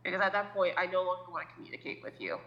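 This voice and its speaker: A woman's voice: on the low side, animated, rapid-fire, muffled recording. A woman co-hosting a podcast in casual chat, rambling with many likes and restarts and swearing bluntly. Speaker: podcast co-host.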